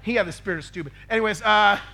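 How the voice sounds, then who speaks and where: A male pastor delivers a sermon, spinning a personal story and acting out the voices of the people in it. He keeps checking in with the room through quick "right?" asides. His voice sits high, with soft music faintly underneath. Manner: storytelling with lively acted quotes, frequent "right?" asides.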